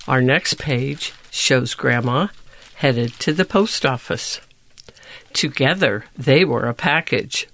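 Brief: gentle storyteller, slow-paced, gravelly voice, reading a picture book aloud. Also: mid-range voice.

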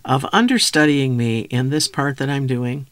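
A man's voice: medium pitch, lively intonation, moderate pace, fairly bright tone, no room sound, lightly acted. A man voicing an eager, effusive young male actor friend within his memoir reading.

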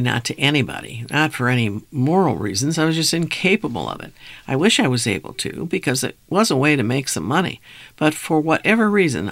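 Gravelly man narrating his memoir. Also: mid-range voice, fairly bright tone, dry recording. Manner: reflective, wry storytelling. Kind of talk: first-person memoir narration.

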